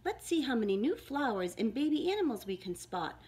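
A woman's voice: a little high, sing-song, brisk. A woman voicing a kind, cheerful little male hedgehog in a children's storybook reading. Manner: bright, eager storybook voice.

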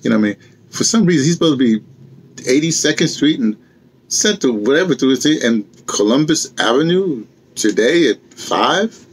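A man with a husky, slightly breathy voice chats casually to his vlog audience. He tells long rambling stories, laughs often and sounds tired after a day on his feet. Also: medium pitch, lively intonation, moderate pace. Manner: rambling storytelling with frequent laughs. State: tired from walking. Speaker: vlogger. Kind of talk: casual chat.

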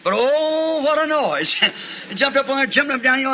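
A man preaching a sermon, telling folksy stories and breaking into shouts of praise. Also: very high-pitched, brisk, a little hiss or hum, low-quality recording. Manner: folksy, animated, bursts into shouting. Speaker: pastor. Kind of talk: sermon with storytelling.

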